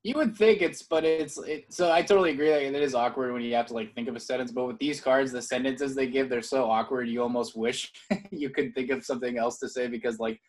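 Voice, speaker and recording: A man's voice: medium pitch, brisk. A young man co-hosting a podcast in casual chat, rambling through stories and laughing often. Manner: rambling, many fillers and restarts, laughs often. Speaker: podcast co-host.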